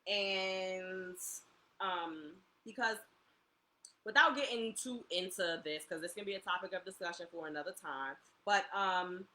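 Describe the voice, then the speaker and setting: A young woman co-hosting a casual home talk show, telling stories in an animated way and acting out the people she quotes. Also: on the low side, measured pace, low-quality recording. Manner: animated storyteller, acts out quotes. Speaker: podcast co-host. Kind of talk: casual chat.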